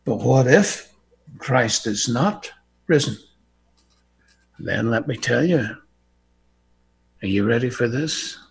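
An Irish man preaching a sermon, impassioned and emphatic, swinging from quiet asides to soaring outbursts. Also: medium pitch, expressive, slow pace, vocal fry, long pauses.

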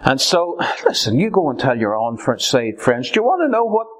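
A man preaching a sermon, swinging from loud cries to hushed whispers. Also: medium pitch, sing-song, normal speed.

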